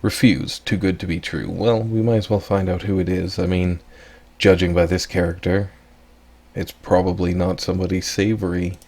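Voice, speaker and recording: A man hosting a let's play, casually reading game text and thinking aloud with relaxed asides. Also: low voice, normal speed.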